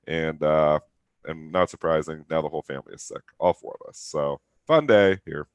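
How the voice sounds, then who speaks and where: A man's voice: extremely low pitch, normal speed, clean tone, no echo. A man in his thirties with a nasal, stuffed-up voice from a cold, co-hosting a live market show in casual, rambling trader talk. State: congested with a cold. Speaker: trading show co-host.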